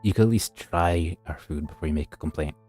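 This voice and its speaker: A weary, frustrated female restaurant worker, read by a man in a deep, mellow voice. She vents in a tired, put-upon way. Quiet music hums behind. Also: a little fast. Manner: weary, venting.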